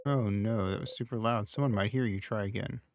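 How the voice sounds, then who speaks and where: Low-voiced man reading game text. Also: fairly even intonation, a little fast, noisy background. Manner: reads game text aloud between short casual remarks. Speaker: streamer. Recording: game music behind.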